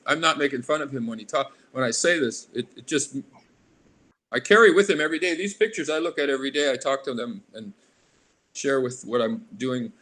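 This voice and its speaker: A man's voice: medium pitch, a bit bright. A man in his sixties from Alaska, an artist being interviewed, who drifts into long tangents and loses his thread. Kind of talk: casual interview.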